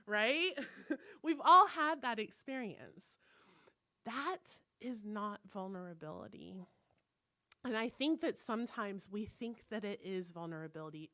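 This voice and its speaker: A woman's voice: mid-range voice, lively intonation, measured pace, bright, forceful tone, no echo. A woman minister giving a conversational sermon, telling personal stories candidly and acting out the voices she quotes.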